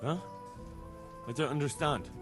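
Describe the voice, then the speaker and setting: A man's voice: a little high, a little slow, music in the background, close to an everyday voice. An actor playing a confused, defensive young man in a video game, sounding bewildered and pleading.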